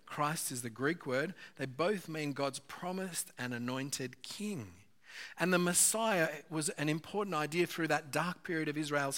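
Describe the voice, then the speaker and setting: A man's voice: fairly high pitch, fairly bright tone. A man, a pastor, giving an earnest, conversational sermon with occasional fillers.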